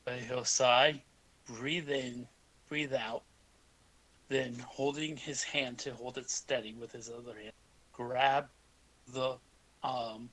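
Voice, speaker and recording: A man's voice: medium pitch, steady tone, slow pace, pauses often, fairly bright tone, low-quality recording. A man narrating his character's actions in a tabletop game, hesitant and full of fillers. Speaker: player.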